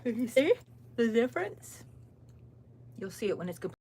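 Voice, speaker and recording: A woman's voice: on the high side, very animated, moderate pace, mellow, slightly rough. A woman from Texas with a Texan accent, chatting casually and rambling as she reads viewer comments while crocheting on a live stream. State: tired, yawning. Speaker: crochet channel host.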